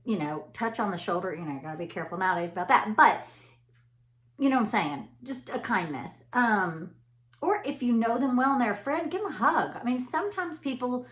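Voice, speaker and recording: A woman's voice: mid-range voice, a bit bright. Chatty woman in an echoey room. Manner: chatty storyteller addressing listeners directly. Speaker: anesthesia provider. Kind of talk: casual motivational talk.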